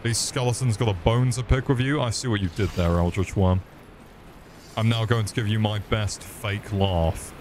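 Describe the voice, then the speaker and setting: A man's voice: on the low side, normal speed, darkish tone, a little hiss or hum. A man streaming a game, swearing often and joking with his chat. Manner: swearing, joking, chatting to viewers. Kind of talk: casual gaming commentary.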